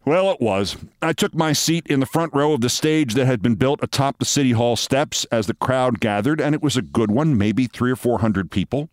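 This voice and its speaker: A man's voice: mid-range voice, moderate pace, hardly any pauses, no room sound. A man hosting a show, telling a long story in a wry, theatrical monologue from a studio. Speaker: host.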